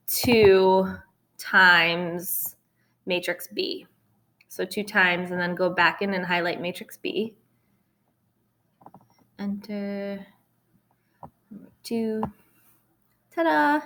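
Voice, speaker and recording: A woman's voice: medium pitch, a bit bright. Woman math teacher, casual recorded lesson, upbeat and chatty, mid-range voice. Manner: upbeat, chatty, says "ta-da" at results. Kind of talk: recorded calculator tutorial for students.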